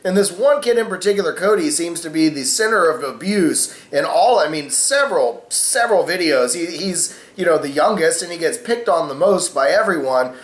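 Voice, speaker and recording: A man's voice: fairly high pitch, animated, normal speed, hardly any pauses. Rambling man in an echoey room. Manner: rambling, cusses freely, lots of fillers. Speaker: vlogger host. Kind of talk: casual opinion vlog.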